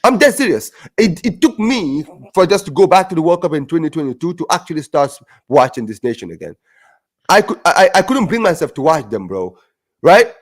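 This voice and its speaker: A man's voice: on the high side, very animated, brisk. A man from the United States, hosting a casual football chat on a video call, emphatic and repeating himself for effect. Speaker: podcast host and streamer.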